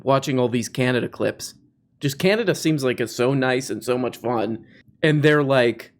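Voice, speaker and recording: A man hosting a podcast, giving casual, sarcastic comedic commentary on video clips. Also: medium pitch. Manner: sarcastic, mocking. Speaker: podcast host.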